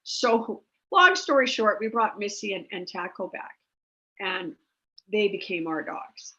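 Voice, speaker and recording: A woman's voice: mid-range voice, animated, a little slow, bright, forceful tone. A woman, telling a rambling story about rescuing dogs in a chatty, casual way with many fillers. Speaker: dog rescue founder, guest. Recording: dull lo-fi sound.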